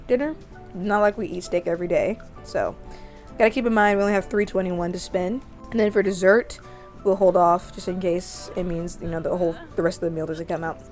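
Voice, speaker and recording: A young woman hosting a gaming channel, chatting excitedly as she narrates a life-sim game. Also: mid-range voice. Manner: chatty, easily excited, gasps and laughs.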